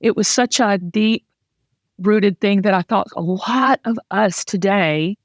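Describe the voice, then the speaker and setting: A woman's voice: mid-range voice, slow, dry recording. Southern lady podcast host, chatty and emotional, dry close sound. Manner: emotional, candid, chatty storytelling. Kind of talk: personal casual chat.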